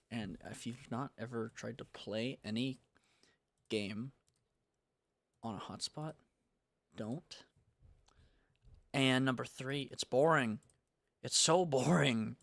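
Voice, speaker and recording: A man's voice: mid-range voice, fairly bright tone, no room sound. Young american guy rambling on his dev stream, chill and slangy, dry close mic. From United States. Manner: rambling, laid-back, slangy. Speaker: game developer streaming. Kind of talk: casual livestream chat.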